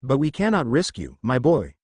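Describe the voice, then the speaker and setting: A towering, ruthless titan general whose voice booms with authority, as a male narrator puts him on. The delivery swoops with lively pitch, and the sound is dry with no echo. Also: moderate pace, breathy edge. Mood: commanding. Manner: booming, commanding.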